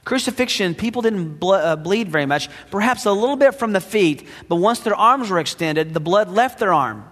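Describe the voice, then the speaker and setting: A man preaching in a church, his fairly high voice ringing out with a long hall reverb behind it. He is dramatic, rising into loud emphasis and then dropping to hushed asides. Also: expressive, normal speed. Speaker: pastor. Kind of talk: sermon.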